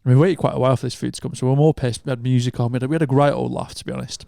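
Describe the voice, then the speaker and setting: A man's voice: mid-range voice, racing, creaky, no echo, studio quality. A man, co-hosting a podcast, telling a long drinking anecdote in casual chat, swearing freely and acting out quotes. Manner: animated storyteller, swears freely, acts out quotes. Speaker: podcast co-host.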